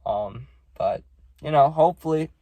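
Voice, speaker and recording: A man's voice: fairly high pitch, lively intonation, normal speed, mellow, no room sound. A man talking casually and sadly in a vlog, rambling with many fillers. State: sad, subdued. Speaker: vlogger.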